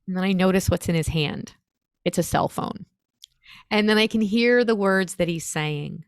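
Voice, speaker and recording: A woman's voice: on the low side, normal speed, clear, resonant tone, dry recording, studio quality. Earnest American woman telling a story. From United States. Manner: earnest, animated, emotional retelling. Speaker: storyteller guest. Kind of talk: conversational storytelling.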